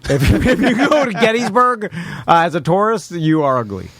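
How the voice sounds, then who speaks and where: A man co-hosting a podcast, halting and fumbling his transitions while laughing along. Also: high-pitched, sing-song, fairly bright tone, dry recording. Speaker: podcast co-host. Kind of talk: casual podcast chat.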